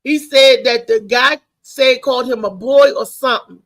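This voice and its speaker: A high-voiced woman hosts a live talk show. Her tone is gravelly and sharp. She comes across animated and excitable as she talks to her listeners and tells her stories. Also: moderate pace. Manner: animated, loud and excitable, telling family stories. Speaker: host. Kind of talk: casual live-show monologue.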